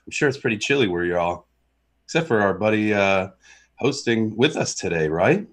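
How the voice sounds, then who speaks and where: A man's voice: fairly low pitch, lively intonation, normal speed. A man co-hosting a casual podcast chat in a laid-back, friendly way. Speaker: podcast co-host.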